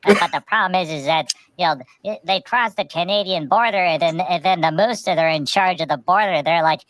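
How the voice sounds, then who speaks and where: A woman hosting a comedy show, telling silly stories in a halting, rambling way. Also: fairly low pitch, fairly bright tone, no echo, poor audio. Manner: halting, many restarts and "you know". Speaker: host. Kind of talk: rambling comic storytelling.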